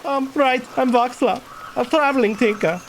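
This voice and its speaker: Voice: mid-range voice, wildly swooping pitch, unhurried, sharp tone, slight background noise, pitched above the performer's own voice, exaggerated voice, poor audio. A streamer voicing a wandering male tinker in a game, eager and thoughtful. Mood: earnest. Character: Romani man, wandering tinker, earnest. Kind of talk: game dialogue read aloud.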